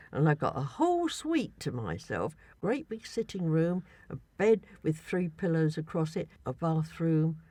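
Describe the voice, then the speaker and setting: A woman's voice: low-pitched, warm tone, no echo. A woman in a casual chat, recounting her travels in a rambling way with many restarts.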